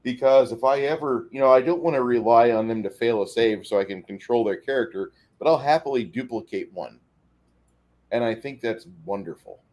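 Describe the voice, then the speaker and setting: Man, mid-pitched voice, dungeon master, casual chat, enthusiastic. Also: fairly quick, a little mellow.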